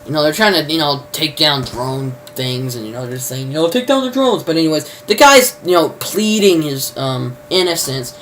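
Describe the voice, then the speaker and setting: A man's voice: fairly high pitch, normal speed, few pauses, a bit bright, a little hiss or hum, rough recording. A man reviewing a TV show in a loose spoken recap, rambling and leaning constantly on "you know" fillers. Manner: informal, mild swearing substitutes.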